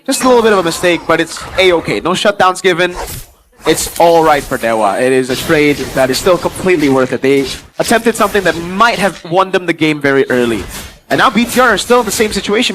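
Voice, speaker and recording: A man giving chatty, excitable color commentary on an esports match. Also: sits high, a little hiss or hum, poor audio. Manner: chatty, excitable, filler-heavy analysis. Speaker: esports analyst.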